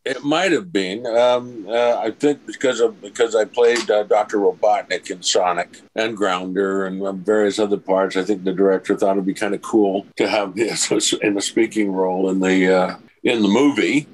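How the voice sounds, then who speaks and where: A man's voice: lowish voice, moderate pace, hardly any pauses, slight background noise, rough recording. An older man, an actor, telling anecdotes in an interview and acting out the dialogue with a chuckle. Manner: lively storyteller who acts out dialogue, chuckles. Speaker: actor guest.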